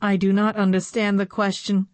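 A woman voicing a stiff robot copy of a female teacher, with flat, commanding speech. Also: mid-range voice, moderate pace, no echo, natural voice.

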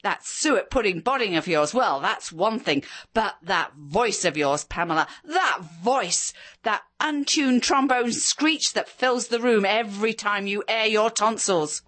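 A bitter, scornful husband who sneers and mocks, his lines rising and falling with lively pitch, as a woman reading a story puts him on. The voice sits close and dry. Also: a little slow, no echo. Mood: raging. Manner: sneering, sarcastic.

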